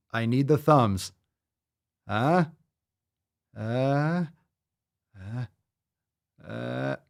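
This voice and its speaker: A man hosts a fitness podcast in a casual, swearing, joking manner. He reads listener letters out loud and keeps cutting in with his own cracks. His pitch sits right in the middle for a man. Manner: profane, joking, reads letters aloud with running asides. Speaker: podcast host. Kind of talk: casual chat reading listener messages.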